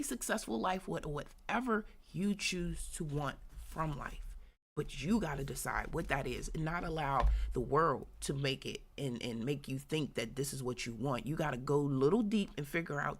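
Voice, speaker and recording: A woman hosts a live business talk with casual motivational chat, sometimes reading aloud from a book. She is chatty and laughs often, with quick whispered asides. Her voice is low with a gravelly edge. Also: animated.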